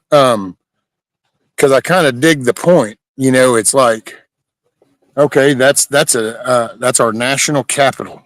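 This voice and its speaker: A man's voice: mid-range voice, measured pace, pauses often, fairly bright tone, dry recording. A man from Southeast Texas, chatting casually and joking with viewers while reading their comments on a livestream. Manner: laid-back, folksy and profane, joking with chat. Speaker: livestream host.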